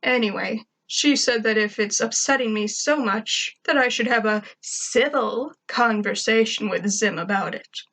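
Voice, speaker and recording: A woman's voice: a little high, a little slow, few pauses, a bit bright, low-quality recording. A woman reading a first-person story aloud in a snarky, conversational way. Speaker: fan fiction reader.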